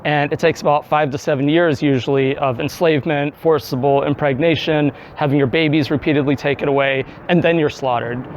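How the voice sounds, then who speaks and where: Man in his thirties, story speech, lightly raised pitch, casual delivery, faint noise underneath. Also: steady tone, fairly quick, hardly any pauses, lo-fi sound. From Tennessee. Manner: conversational storyteller, acts out his own past thoughts. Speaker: speaker giving a club talk. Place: indoor meeting room.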